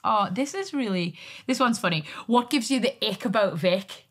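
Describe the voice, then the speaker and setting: Lively sweary Geordie woman host. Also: fairly high pitch. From North East England. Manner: chatty, sweary, quick to laugh. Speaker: podcast host. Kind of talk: casual chat.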